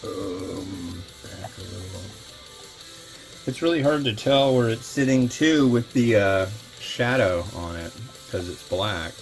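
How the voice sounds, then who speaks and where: A man whose voice sits on the low side, with lively intonation, speaks slowly over soft background music. Hosting his instant noodle review show, he chats casually as he cooks and tastes, rambling, opinionated, and often backing up to restart.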